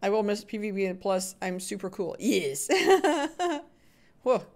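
A woman's voice: medium pitch, big pitch swings, slow pace, a little mellow. A woman livestreaming a video game, chatting with viewers, laughing often and calling them sweetheart and buddy. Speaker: gaming livestreamer. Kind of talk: live game commentary and chat.

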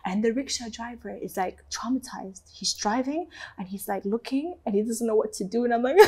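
A woman's voice: a little high, brisk, slightly rough. A woman from Canada, a guest in an interview, telling a painful personal story with feeling, swearing casually and acting out the people she quotes. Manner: animated, acts out quoted voices, swears casually.

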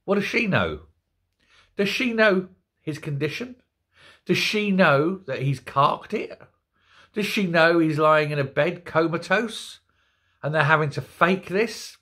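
An older man hosting an opinion commentary show, ranting in an animated, incredulous way. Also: on the high side, a little slow, pauses often, husky. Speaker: host.

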